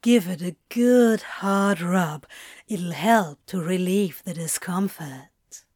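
A woman putting on Crowley, a smooth-voiced teasing demon. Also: lowish voice, slow pace, darkish tone, no room sound, studio quality. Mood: coaxing. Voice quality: rich, smooth.

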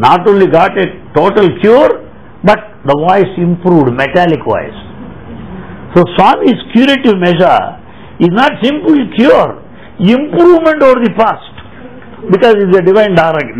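A man's voice: sits high, a little hiss or hum, low-quality recording. An older man, giving a devotional talk and acting out the dialogue in his anecdotes. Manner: animated storytelling, acting out dialogue. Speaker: spiritual speaker.

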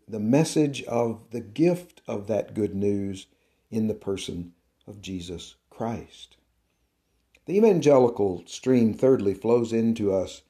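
A man giving a devotional teaching talk on his podcast, slow and deliberate, with an emphatic preaching cadence. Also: on the low side, warm tone. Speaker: podcast host and Christian teacher.

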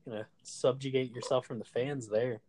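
A man's voice: mid-range voice, steady tone, normal speed, mellow, a little hiss or hum. A man co-hosting a casual podcast chat, with a sarcastic, jokey way of talking. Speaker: podcast co-host.

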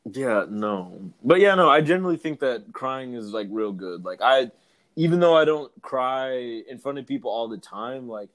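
A man's voice: mid-range voice, animated, normal speed, fairly bright tone. A young man co-hosting a podcast, chatting candidly and profanely, laughing often. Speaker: podcast co-host. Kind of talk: casual chat.

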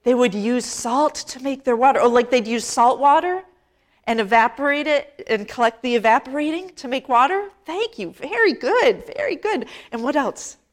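A woman pastor preaching a sermon in a church, talking conversationally and asking the congregation questions, with slow, emphatic phrases. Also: high voice. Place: church sanctuary.

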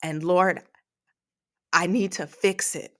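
A woman delivers a devotional sermon for her podcast at a slow, deliberate pace in a fairly low voice. She is emotional and close to tears, breaking off to pray aloud before returning to her point. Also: steady tone, fairly bright tone. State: tearful, emotional. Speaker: podcast preacher.

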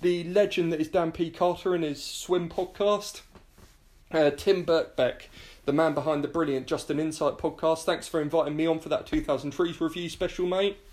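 A man's voice: a little high, fairly even intonation, moderate pace, a little mellow. Chatty man hosting a podcast. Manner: chatty, rambling with fillers. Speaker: podcast host. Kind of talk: casual podcast sign-off. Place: home sofa, in person with guest.

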